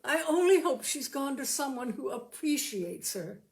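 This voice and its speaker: A woman voicing a rough-spoken working man, a grieving husband who talks plainly and with feeling in a storybook reading. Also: sits high, big pitch swings, normal speed, pitched above the performer's own voice. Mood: contented. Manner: plain-spoken, emotional, colloquial.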